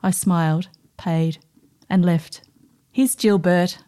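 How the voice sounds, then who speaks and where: A woman presenting a radio documentary, narrating in a measured, scripted way and reading diary excerpts aloud. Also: fairly low pitch, fairly even intonation, dark tone, clear, resonant tone.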